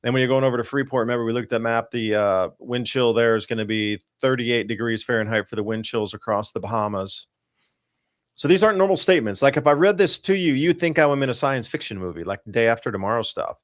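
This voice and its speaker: Male talk-show host, mid-pitched, emphatic and rambling, dry close mic. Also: fast, dry recording. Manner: excited, emphatic, rambling with restarts. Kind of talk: casual talk-show commentary on weather charts.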